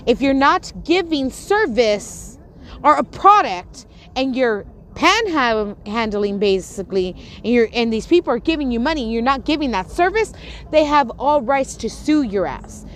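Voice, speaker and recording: Woman going off on a live stream, swearing a ton, kinda high voice. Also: big pitch swings, a little slow. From Puerto Rico. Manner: profane, confrontational, scolding. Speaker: livestream host. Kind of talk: angry livestream rant.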